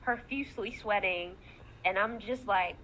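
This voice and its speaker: A woman in casual chat, expressive and acting out her reactions. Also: a little slow, slight background noise. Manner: expressive, acts out reactions in a high squeal.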